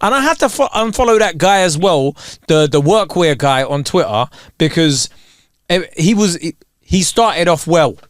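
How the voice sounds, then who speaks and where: A young man co-hosts a casual podcast chat, ranting in an animated way and putting on mocking voices for quoted asides. His voice is fairly high at a normal speed, and the recording is dry and studio quality.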